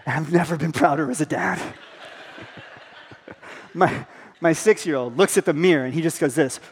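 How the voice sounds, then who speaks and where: A high-pitched male pastor preaches in a church sanctuary, and his voice rings with a long hall reverb. He tells stories in a playful, self-deprecating way and acts out each quote. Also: expressive, a little slow, breathy edge. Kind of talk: sermon.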